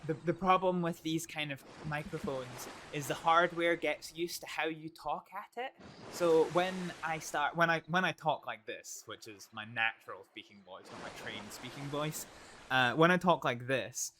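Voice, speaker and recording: A man's voice: a little high, normal speed, pushed and bright, a little hiss or hum. A man streaming a role-play game in casual livestream chat, rambling and restarting his sentences at a home desk mic. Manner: chatty, rambling, restarts and trails off often. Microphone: desk microphone.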